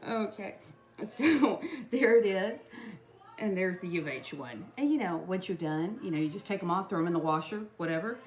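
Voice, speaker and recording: A woman's voice: fairly low pitch, animated, moderate pace, slight background noise. A woman chatting casually and rambling through a home DIY tutorial, full of asides to her viewers. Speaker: craft vlogger. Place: home kitchen.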